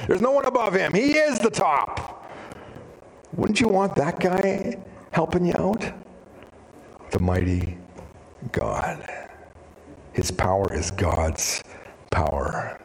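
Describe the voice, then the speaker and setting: A man preaching a sermon as pastor, animated and storytelling, with sudden drops to a hushed voice. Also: sits high, slow pace, gravelly, pauses often, slight background noise. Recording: reverberant hall.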